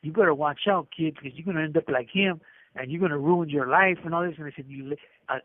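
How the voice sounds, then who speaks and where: A man's voice: fairly high pitch, fast, no echo. A middle-aged man, an inmate, telling a rambling story and acting out the dialogue with many restarts, over a phone call. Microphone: prison telephone. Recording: tinny dry phone line.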